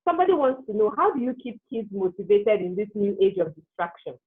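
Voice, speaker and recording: Webinar host, female, quick encouraging affirmations, narrow phone-line audio with light background noise. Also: medium pitch, very animated. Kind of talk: hosting an online interview. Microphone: video call.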